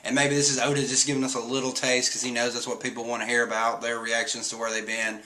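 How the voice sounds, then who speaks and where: In a casual recap, a young man chats loosely through a comic chapter, laughing a lot and putting on silly voices for quotes. His mid-range voice is bright and forward, yet his delivery is flat and fast, on a low-quality recording.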